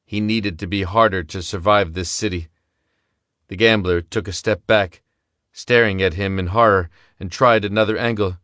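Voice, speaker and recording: A man giving steady, measured scripted narration of a story. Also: deep voice, no echo, studio quality. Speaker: audiobook narrator.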